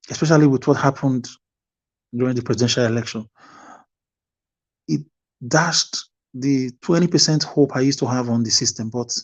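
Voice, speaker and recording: A Nigerian man speaking fervently in an online discussion, preaching and repeating phrases for emphasis. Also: medium pitch. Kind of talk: impassioned discussion.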